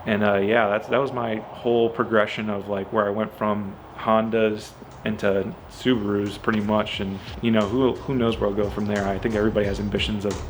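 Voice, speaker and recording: A man's voice: lowish voice, brisk, few pauses, slight background noise. Chatty man telling a car story. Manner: chatty, fills with "like" and "you know"; animated, acts out quoted dialogue. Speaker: car owner. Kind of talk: casual storytelling to camera.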